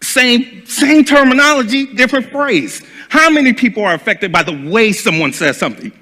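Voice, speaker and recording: A man giving a seminar talk, animated and acting out little dialogues as he teaches. His voice sits high and bright and swings freely in pitch. A long reverb from a lecture hall follows his words. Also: moderate pace. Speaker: speaker and trainer.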